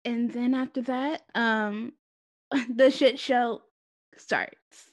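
A woman's voice: fairly high pitch, steady tone, extremely slow. A woman co-hosting a podcast, chatting casually and laughing often as she recaps. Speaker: podcast co-host. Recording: dull lo-fi audio.

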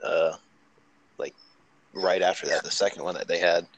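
A man's voice: low voice, level tone, normal speed, dry recording, low-quality recording. A man in casual chat who swears freely and laughs often.

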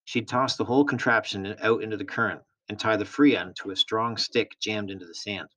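A man reading a novel aloud in a steady, plain storytelling manner. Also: fairly low pitch, lo-fi sound. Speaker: reader.

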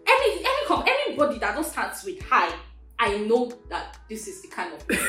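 A woman's voice: high voice, wildly swooping pitch, fairly quick. A woman hosting a podcast in casual chat, talking animatedly, laughing often and exclaiming in disbelief. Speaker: podcast host. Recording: echoey room with faint music.

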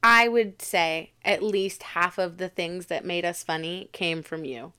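A woman's voice: on the low side, unhurried, crowd noise. A young woman co-hosting a podcast, chatting casually with giggles and effusive praise. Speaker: podcast co-host. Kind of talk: casual chat.

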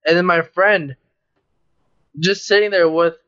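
A young man with a slightly high voice tells a story in a loose, rambling way, stopping and restarting often. His voice sounds dull and lo-fi, like a cheap recording. He talks casually as a podcast co-host. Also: measured pace, smooth. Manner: rambling, animated retelling with many fillers. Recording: dull lo-fi audio.

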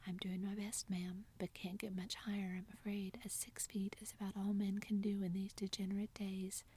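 A woman's voice: medium pitch, flat delivery, normal speed, mellow, husky, close to an everyday voice. A woman voicing a playful, teasing tall young man in a whispered role-play, with theatrical banter.

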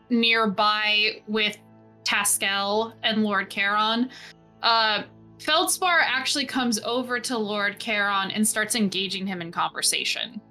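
A woman's voice: on the high side, bright, forceful tone. A woman running a tabletop game as game master, narrating in a chatty way with many fillers.

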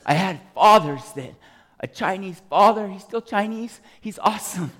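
A man giving an emotional, animated testimony as a sermon, telling his story to a congregation. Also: high-pitched, normal speed, big-room sound.

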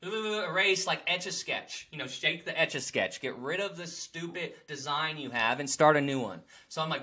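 A man talking openly and excitably in a heartfelt casual conversation. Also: fairly high pitch, normal speed, hardly any pauses. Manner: excitable and animated.

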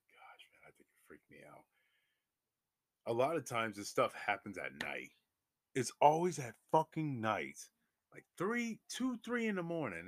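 Animated man telling a story, swearing. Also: low voice, dry recording, clean studio sound. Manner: animated, swears freely, voice jumps up in excitement. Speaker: vlogger. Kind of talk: casual storytelling.

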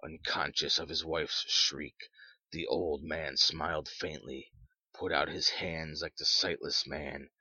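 A man reading a story aloud in measured, even narration, on a dull lo-fi recording. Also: very deep voice, husky, no room sound.

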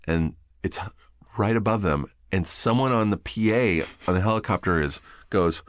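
A middle-aged man with a very low, deep voice spins a casual, swear-laden story as a podcast guest. He gets animated and laughs as he goes. The sound is close and dry, with no room around it. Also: moderate pace, no echo.

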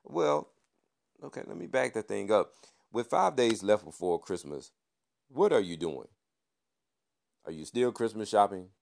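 With a low, creaky voice, the man hosting this podcast recaps news and sports casually and without hurry. "Man" and playful puns pepper his delivery.

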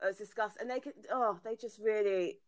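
A woman's voice: medium pitch, fairly quick, crowd noise. A woman co-hosting a podcast in casual chat, reacting with gasps and laughs and asking her co-host questions.

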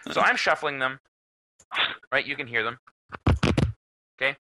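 A young man co-hosting a podcast, telling a story in a casual, animated way with plenty of swearing. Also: mid-range voice, unhurried. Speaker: podcast co-host. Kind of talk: casual chat.

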